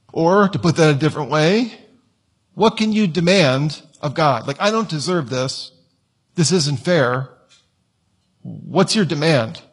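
Preacher, male, slightly high and husky, chatty sermon delivery with acted-out quotes. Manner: conversational, acts out whiny quoted voices. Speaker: pastor. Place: church.

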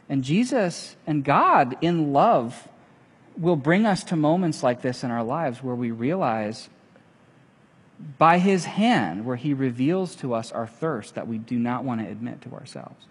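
A man preaching with a lively voice that swoops up and down as he acts out the people in his story. His tone is a bit husky, and it rings with a long reverb from a large hall. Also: a little high, moderate pace. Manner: animated storytelling, acting out quoted lines. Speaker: pastor. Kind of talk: sermon.

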